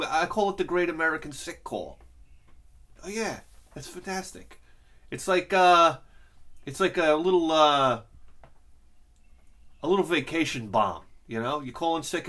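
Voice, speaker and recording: A man's voice: on the high side, a bit bright. A man hosting his own channel, rambling through a casual comedic rant, joking and swearing freely. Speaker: channel host.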